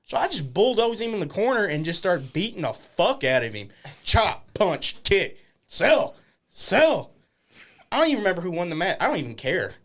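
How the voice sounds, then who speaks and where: A man's voice: high-pitched, sing-song, fast, hardly any pauses. A man guest on a podcast, telling wrestling stories with lots of profanity. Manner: profane, acts out quoted voices. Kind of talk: animated storytelling. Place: podcast studio.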